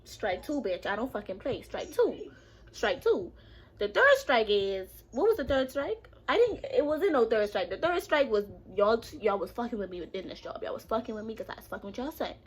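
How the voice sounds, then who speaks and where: A young woman telling a casual storytime vlog, animated and sassy, swearing freely and talking back to a friend off camera. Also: on the high side, fairly quick, few pauses, breathy edge.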